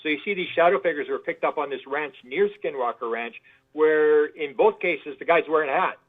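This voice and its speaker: A man's voice: on the high side, a little fast. A man, a guest in an interview, telling stories in a rambling way, often repeating words. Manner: rambling, repeats words, acts out quoted voices. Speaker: guest researcher. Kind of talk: casual interview storytelling. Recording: tinny phone line.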